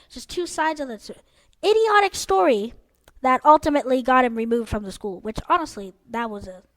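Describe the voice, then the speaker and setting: A teenage girl with a high, bright-pitched voice tells a casual storytime tale from her school days. She rambles with plenty of filler words and sounds openly exasperated.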